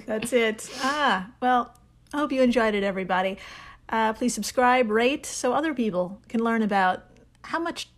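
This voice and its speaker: A woman's voice: on the high side, animated, normal speed. Giggly woman co-hosting a podcast. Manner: giggly, laughs often while talking. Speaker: podcast co-host. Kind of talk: casual chat.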